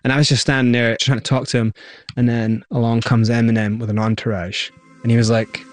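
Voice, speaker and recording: A man, the guest in an interview, retelling his past with lively acted-out quotes. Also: medium pitch, brisk, no room sound, soft background music. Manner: animated retelling, acts out quoted voices. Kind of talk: storytelling interview.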